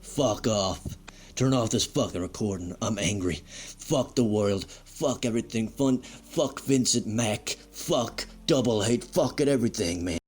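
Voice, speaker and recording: A man's voice: low voice, moderate pace, faint music behind, natural voice. Man doing a foul-mouthed fired wrestler. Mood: angry. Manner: foul-mouthed, rambling, self-pitying. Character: crude bitter fired male wrestler, middle-aged. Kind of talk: comedic monologue sketch.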